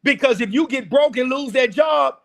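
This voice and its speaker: A man hosting a men's round table, talking in an impassioned, preaching style that repeats phrases and rises to shouts. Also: extremely high pitch, normal speed, creaky.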